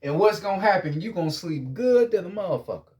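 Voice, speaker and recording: A man's voice: sits high, lively intonation, fast talker, darkish tone, husky, lo-fi sound. A man giving a casual spiritual monologue as a vlogger, lecturing bluntly with heavy profanity and frequent repetition.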